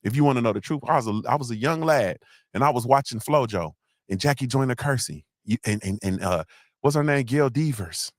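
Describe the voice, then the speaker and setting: Animated, profane podcast host man. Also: medium pitch, fairly quick, dry recording, studio quality. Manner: animated, profane, rambling with restarts. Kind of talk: casual solo podcast talk.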